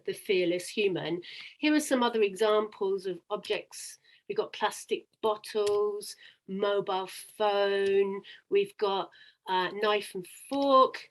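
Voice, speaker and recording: A woman presenting a teaching webinar over a video call, upbeat and guiding the talk with questions. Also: mid-range voice. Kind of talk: webinar presentation and demo dialogue.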